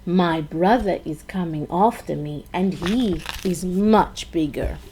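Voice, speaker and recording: A woman's voice: fairly low pitch, slow, mellow, slight background noise, voice pushed down, low-quality recording. A woman voicing a medium-sized billy goat who pleads with a troll, reading a children's storybook aloud. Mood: pleading.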